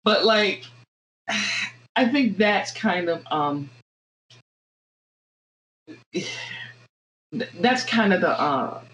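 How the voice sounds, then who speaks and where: A woman with a Southern American accent chats as a podcast guest, thoughtful and halting, often circling back to restart her sentences. Her voice sits in a fairly low register for a woman, with a faint hum of background noise behind her. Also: lively intonation, a bit bright, poor audio. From Southern United States. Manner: reflective, halting, with frequent restarts. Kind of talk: casual podcast conversation.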